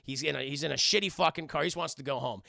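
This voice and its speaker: A man casually recapping a film scene by scene for his live chat, rambling and profane, acting out the characters in quick voices. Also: a little high, creaky, pushed and bright, no echo, studio quality. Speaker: film review streamer.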